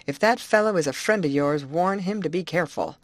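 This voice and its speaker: A man's voice: on the high side, fairly quick, no room sound, natural voice. A woman reading a plainspoken male overseer who talks in a folksy, reassuring way and drops word endings. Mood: matter-of-fact.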